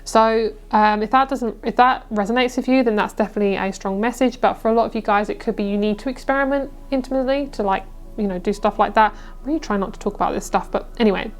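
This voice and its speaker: A woman's voice: medium pitch, quick pace, soft background music. A young woman giving a casual, reassuring tarot reading, chatty and full of fillers. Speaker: tarot reader.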